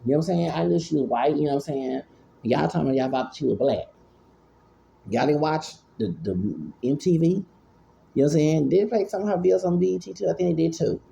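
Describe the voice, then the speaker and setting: A man's voice: a little high, fast talker, vocal fry, dark tone, slight background noise. A man, talking in rambling casual commentary, often repeating and stammering. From Houston, Texas. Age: 40s. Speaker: vlogger.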